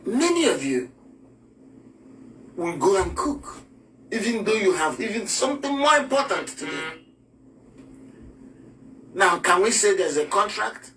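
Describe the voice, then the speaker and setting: A man lectures with force, hammering home points through rhetorical questions. His voice sits high and bright. He sounds slightly distant from the mic, with a faint hiss underneath. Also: big pitch swings, unhurried, long pauses. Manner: emphatic, rhetorical questions, acts out scenes. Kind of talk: lively spoken lesson.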